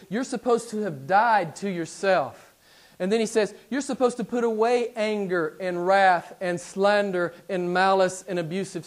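A middle-aged man preaching a sermon to his congregation in a church, dropping into hushed low passages and rising to loud, emphatic declarations. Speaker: pastor. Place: church sanctuary.

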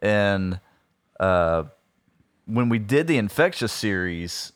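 A man's voice: lowish voice, animated, slow pace, no echo, clean studio sound. A man co-hosting a casual podcast chat, hesitant and full of fillers. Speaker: podcast co-host.

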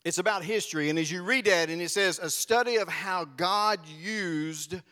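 A man preaches in a big church, his voice high and bright. He talks loosely and directly to the people in the pews. The sound carries a long hall reverb. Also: normal speed. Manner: animated, conversational, addresses congregation directly. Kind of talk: sermon. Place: church sanctuary.

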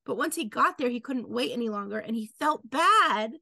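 A woman in her thirties tells stories in a bright, high-set voice with a gravelly rasp at the edges. She is animated and acts out every quoted line. The recording is close and dry. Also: moderate pace, no room sound. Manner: animated, acts out quotes with big pitch jumps. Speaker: author guest. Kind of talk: casual storytelling chat.

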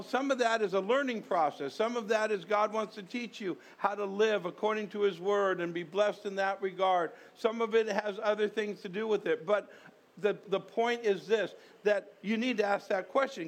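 A man's voice: high-pitched, normal speed. A man, a pastor, preaching a conversational sermon, repeating himself and firing rhetorical questions at the congregation.

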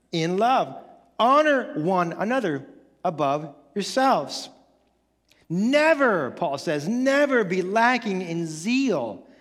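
A male pastor preaching a sermon, animated, acting out casual quoted voices and building up to excited shouts. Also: high-pitched, big-room sound. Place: church sanctuary.

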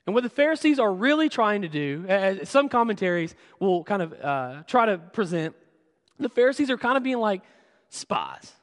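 High-voiced pastor in reverberant church. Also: male voice, big pitch swings, moderate pace. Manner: conversational storytelling, self-deprecating. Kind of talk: sermon. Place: church sanctuary. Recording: long church hall reverb.

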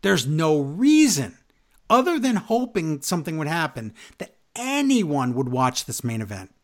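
A man's voice: on the high side, sing-song, measured pace. A man co-hosting a podcast, ranting sarcastically in a casual wrestling recap. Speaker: podcast co-host.

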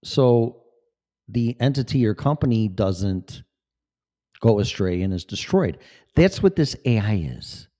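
Man in his fifties, mellow voice, swings up and down a lot, swears freely, rambling vlog monologue. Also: lowish voice, sing-song, slow. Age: 50s. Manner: profane, emphatic, digressive. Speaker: vlogger.

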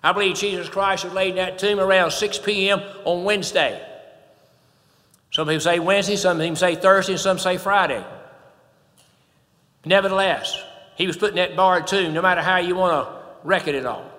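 High, bright-voiced man preaching. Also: steady tone, moderate pace, pauses often, in a large hall. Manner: emphatic preaching, swelling and dropping in volume. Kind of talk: sermon.

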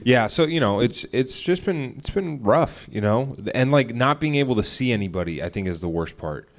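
With a medium-pitched, expressive voice at a moderate pace, a young man co-hosting a podcast chats casually. He rambles and curses a lot as he retells a fight at home, imitating the voices in the argument.

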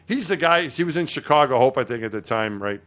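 A man's voice: medium pitch, expressive, fast, fairly bright tone. A middle-aged man co-hosting a podcast, telling stories in a rambling, casual way with many restarts. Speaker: podcast co-host. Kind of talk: casual chat.

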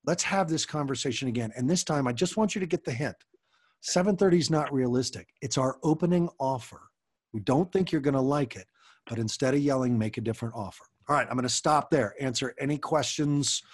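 Frank, husky-voiced male parenting coach. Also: mid-range voice, brisk. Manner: frank and passionate, swears casually.

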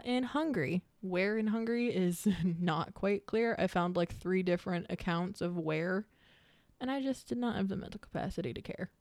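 A woman's voice: mid-range voice, a little mellow, dry recording. Young woman, podcast co-host, chatty and loose, dry close-miked sound. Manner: chatty, laughing, rambling storyteller. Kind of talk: casual chat.

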